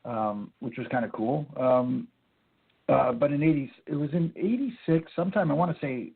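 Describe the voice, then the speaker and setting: A man's voice: mid-range voice, moderate pace, vocal fry, breathy edge. A man, a former wrestling referee from Canada, telling stories in a rambling way with many fillers in a phone interview. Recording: tinny phone line.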